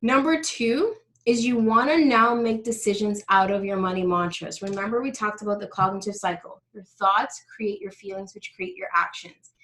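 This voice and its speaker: A woman leads a live online workshop as a coach, explaining each step in a friendly, direct way. She speaks at an average pitch, addressing her audience through a video call microphone. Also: fairly even intonation, normal speed, fairly bright tone, poor audio. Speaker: money mindset coach.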